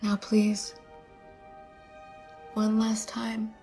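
A woman's voice: fairly high pitch, monotone, very slow, warm tone, faint music behind. An eerie disturbed mother. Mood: eerie tender. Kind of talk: TV horror series dialogue.

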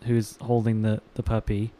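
A man playing a tabletop game, calmly describing what his character does. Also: fairly low pitch, normal speed, a little hiss or hum. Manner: relaxed, describes his moves step by step. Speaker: player. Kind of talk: casual tabletop play.

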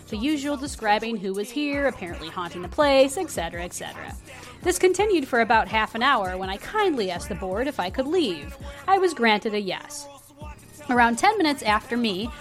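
Woman, podcast co-host, higher voice, lively swinging pitch, playful, reads stories aloud. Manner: animated, laughs often, playful. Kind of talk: casual chat and reading aloud.

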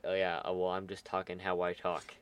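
A teenage boy talks through a story in a loose, rambling way, circling back with lots of fillers. His voice sits a little low for his age group. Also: completely flat delivery, a little fast, clear, resonant tone. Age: teens. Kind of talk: casual chat.

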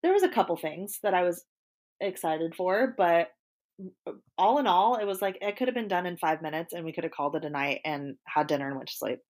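A woman's voice: on the low side, animated, fairly quick, darkish tone. A woman co-hosting a casual chat show, gossiping bluntly and acting out quotes as she talks. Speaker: podcast co-host.

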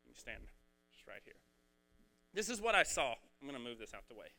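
A man preaching a casual, energetic sermon, talking in a rambling, conversational way. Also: medium pitch, fairly quick, vocal fry. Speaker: pastor.

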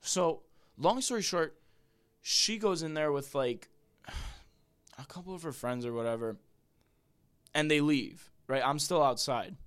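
A young man, a podcast guest, telling a rambling story in casual chat, full of "like" and "bro" and quick laughs. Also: on the high side, fairly bright tone, clean tone.

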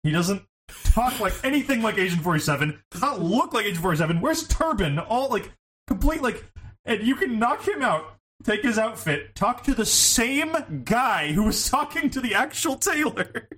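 Animated, laughing man on a podcast. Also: high-pitched, moderate pace. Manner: laughing, animated storytelling with profanity. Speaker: podcast co-host. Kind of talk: casual podcast chat.

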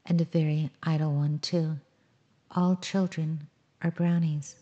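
Woman as a prim, teasing old owl in a storybook; low, even, soft. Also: a little slow, lo-fi sound. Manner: gently scolding, prim questions.

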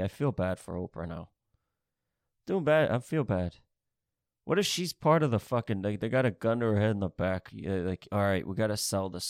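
Podcast host, male, restless profane rant, mid-pitched voice, dead-dry sound. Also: no echo. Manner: rambling, swearing, restless, jumps between topics.

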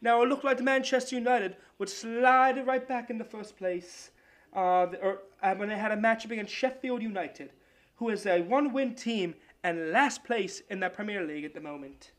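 A man's voice: high voice, very fast, few pauses. A man putting on a clumsy mock English accent to read soccer results like a comic reporter. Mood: hammy. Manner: clumsy put-on British accent, hammy newsreader delivery. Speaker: podcast host.

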